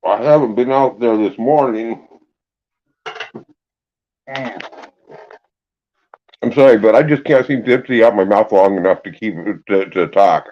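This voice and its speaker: A man hosting a casual morning livestream, talking with his mouth full and chuckling in a folksy, easygoing way. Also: on the low side. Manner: slow, easygoing drawl with folksy slang. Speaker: livestream host. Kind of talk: casual live chat. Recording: dull lo-fi stream audio.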